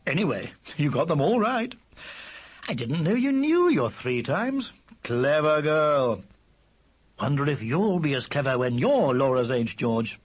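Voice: mid-range voice, sing-song, a little slow, breathy edge. A reader voicing a fond father who teases his children. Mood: teasing fond.

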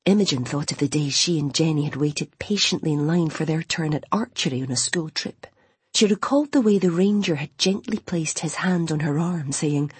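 A woman reading a novel aloud in an expressive way, voicing its characters. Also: low-pitched, moderate pace, husky, no room sound. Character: Imogen, determined young blind woman wanting a baby. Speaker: audiobook narrator. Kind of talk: scripted novel narration with character voices.

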